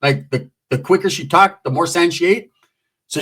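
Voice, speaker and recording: Brief: man telling a crude story, high, lively, rambling and full of swearing. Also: moderate pace, slightly rough. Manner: profane, rambling, animated with voices. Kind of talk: comedic storytelling.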